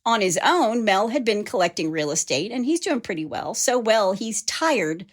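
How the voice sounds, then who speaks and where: A woman's voice: medium pitch, big pitch swings, normal speed. A woman hosting a podcast, telling a true-crime story in a casual way and reading out quotes with teasing asides. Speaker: podcast host.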